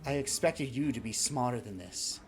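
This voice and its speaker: A man voicing a stern female dragon leader who scolds and reproaches a group, his voice pitched up for her. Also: lively intonation, normal speed, a little hiss or hum, lightly acted. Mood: disappointed. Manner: reproachful, raises voice in outrage.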